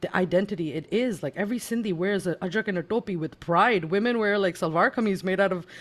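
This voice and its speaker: A speaker raised in the United States, telling a story in a casual panel conversation and acting out the quoted dialogue with lively energy. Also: medium pitch, quick pace. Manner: animated storyteller who acts out quoted dialogue.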